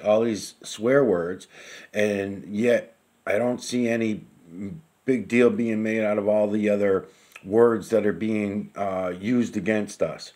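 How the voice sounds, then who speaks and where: A man's voice: fairly low pitch, darkish tone. A man speaking as a listener addressing the hosts, frustrated and complaining in a rambling way. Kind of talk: recorded comment to the hosts.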